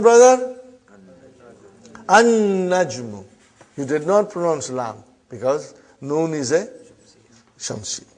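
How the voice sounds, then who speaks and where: A man's voice: fairly high pitch, a little mellow. A man teaching a language class, drilling phrases and often checking in with a questioning "huh?". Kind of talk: classroom lesson.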